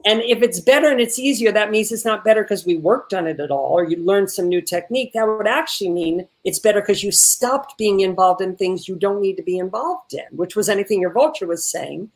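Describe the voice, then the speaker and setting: A man teaching an online acting workshop. He is animated and repeats words when excited, and he swears casually while giving feedback. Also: high voice, a little fast, few pauses. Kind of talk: coaching an actor in an online workshop.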